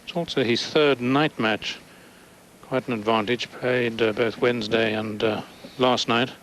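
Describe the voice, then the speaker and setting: A man's voice: mid-range voice, fairly even intonation, a bit bright, a little hiss or hum, low-quality recording. A man giving thoughtful color commentary on a tennis match, reading the players' movement. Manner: unhurried, thoughtful, analytical. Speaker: tennis analyst. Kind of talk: sports commentary.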